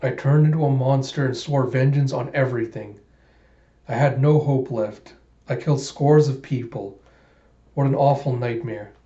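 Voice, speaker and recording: A tormented young man just woken from a nightmare, read by a man, his pleas anxious and shaky. The voice is mellow and dark, heard in a roomy space. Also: mid-range voice, moderate pace, natural voice. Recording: roomy, dull home recording.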